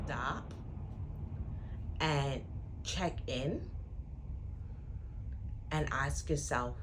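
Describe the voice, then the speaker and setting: Low, slow-spoken woman giving earnest affirmations. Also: a little hiss or hum. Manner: earnest, reassuring, repeats affirmations. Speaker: trainee psychotherapist. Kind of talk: motivational self-help talk to viewers.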